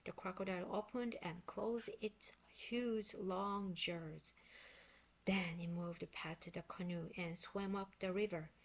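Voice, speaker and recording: A woman reading a children's book aloud in expressive, unhurried storytelling; her first language is Korean. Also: fairly low pitch. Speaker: book reader.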